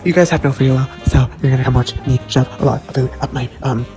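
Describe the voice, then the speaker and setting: A woman hosting a comedic cooking vlog in a crude, profane and playful way, often talking half-hushed. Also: extremely low pitch, fairly even intonation, fast, over music. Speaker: vlogger.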